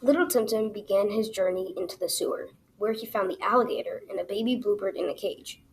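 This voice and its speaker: A woman tells a children's adventure story aloud in an expressive storybook reading. Her voice is in a middle pitch range, and she puts lively emphasis into the narration as she reads. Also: fairly quick, a little hiss or hum, poor audio.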